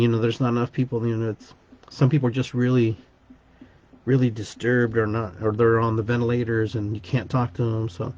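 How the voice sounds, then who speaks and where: A man's voice: medium pitch, mellow, lo-fi sound. A man hosting a podcast, telling a personal story in a rambling way, often repeating words and restarting sentences. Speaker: podcast host.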